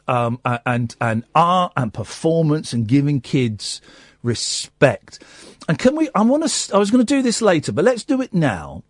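A male radio host with a slightly husky voice, speaking close to a dry studio mic. He tells stories with lively swings in pitch. He mimics people and drops to a soft hush in tender moments. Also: no echo. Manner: animated storytelling, mimics people, drops to soft quiet tones when moved. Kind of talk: casual radio chat. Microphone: studio microphone.

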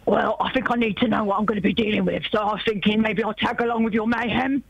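A woman putting on the voice of a cocky, boastful male fireman, with gruff bravado. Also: medium pitch, fairly even intonation, fast talker, dry recording, lo-fi sound.

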